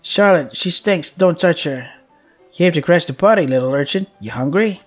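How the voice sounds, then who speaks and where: A man's voice: on the high side, expressive, normal speed, soft background music. A man voicing haughty, cruel noble ladies in a game, sneering in a sing-song manner. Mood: haughty mocking. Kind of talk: voicing a visual novel character.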